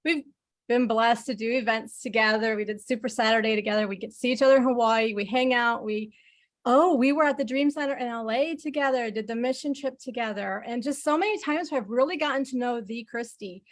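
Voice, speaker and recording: A woman with a high voice introduces the next speaker on a group call, full of excitement and praise. She talks warmly to the listeners and calls them y'all. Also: fairly quick. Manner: excited, gushing, says y'all. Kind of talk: enthusiastic introduction.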